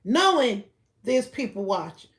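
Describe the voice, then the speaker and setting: Woman ranting on a livestream, AAVE, kinda high voice, keeps going loud then mumbly. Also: big pitch swings, a little slow. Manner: ranting, keeps asking "you feel me", swings between loud outbursts and low mutters. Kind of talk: casual livestream rant.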